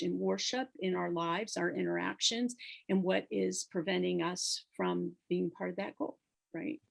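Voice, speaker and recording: Woman facilitator on a video call, chatty and rambling, with some vocal fry. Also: mid-range voice. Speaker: course facilitator. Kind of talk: casual video call discussion.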